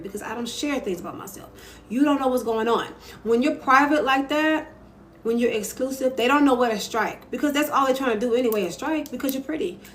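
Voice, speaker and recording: A woman's voice: fairly high pitch, a little hiss or hum. A young adult woman hosting a casual live stream from home, talking emphatically and candidly into her phone while she reads viewer comments aloud. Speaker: live-stream host giving advice.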